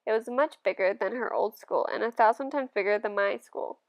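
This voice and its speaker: Gravelly woman reading a novel aloud. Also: medium pitch, a little fast, muffled recording. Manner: gentle, steady storytelling. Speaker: audiobook reader. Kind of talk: first-person novel reading.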